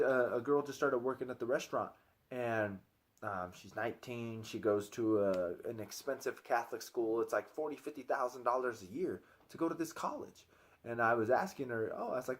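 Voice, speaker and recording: Chatty man in his thirties, opinionated. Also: medium pitch. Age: 30s. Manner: chatty, keeps tagging lines with "right?"; earnest, opinionated, repeats himself while he thinks. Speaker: personal trainer vlogger. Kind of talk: casual vlog monologue.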